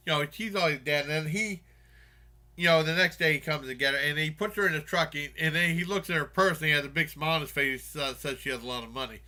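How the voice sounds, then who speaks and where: Man, casual movie reviewer, rambling delivery, slightly high, very bright tone. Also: fast. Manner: rambling, many fillers and restarts.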